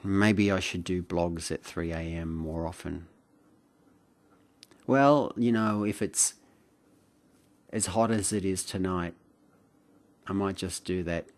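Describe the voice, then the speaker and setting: An Australian man, middle-aged, reminiscing late at night at home in a rambling, hesitant way with many fillers and soft chuckles. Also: low voice, slow pace, pauses often. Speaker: vlogger. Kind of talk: late-night reflective monologue.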